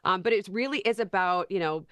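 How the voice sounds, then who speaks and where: An upbeat woman speaks as a talk show guest, full of chatty enthusiasm as she explains her picks. Her voice sits at an ordinary middle pitch. The sound is close and dry, with no room echo. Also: fairly quick, fairly bright tone. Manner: enthusiastic, conversational. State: slightly parched. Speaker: radio host, guest.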